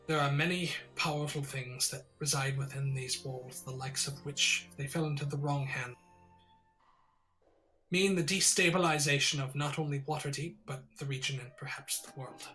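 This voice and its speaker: A man's voice: a little high, sharp tone. A man voicing a stern, formal archmage woman. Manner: clipped, formal, authoritative.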